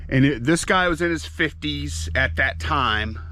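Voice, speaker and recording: A man's voice: fairly high pitch, measured pace, bright, forceful tone, a little hiss or hum. A man chatting casually and rambling while packing orders as co-host of a reselling channel. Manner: rambling, self-interrupting, folksy.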